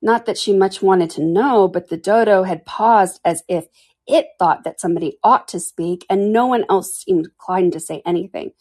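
A woman reading a children's storybook aloud in a measured way, with small slips and restarts. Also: medium pitch, darkish tone, slightly rough, low-quality recording. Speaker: podcast reader.

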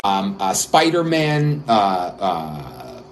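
A man's voice: deep voice, huge pitch swings, extremely slow, slight background noise. A man hosting a casual podcast, laughing often and rambling with many fillers. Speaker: podcast host.

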